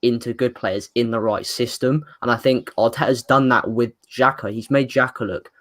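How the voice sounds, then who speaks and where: A man's voice: mid-range voice, steady tone, normal speed. A man on a casual podcast, rambling and full of likes. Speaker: co-host.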